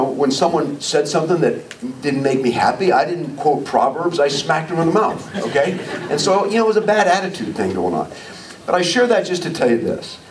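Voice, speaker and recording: A man giving a live leadership training talk, telling personal stories and asking the audience questions. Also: fairly high pitch. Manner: storytelling, asks audience questions. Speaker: motivational speaker. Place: meeting room with audience. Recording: distant mic in a room, faint noise.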